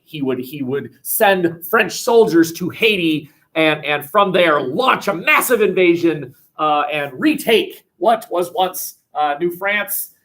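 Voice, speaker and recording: A male history teacher giving a classroom lecture, animated and jokey, with many restarts and fillers. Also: fairly high pitch, distant mic, rough recording.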